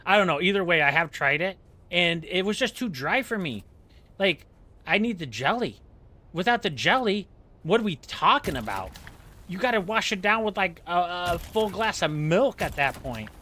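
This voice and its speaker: A male game streamer chats casually while playing, his bright, fairly high voice carrying a keen, forward edge. He is animated and speaks at normal speed, joking at his own expense and rambling from one aside to another.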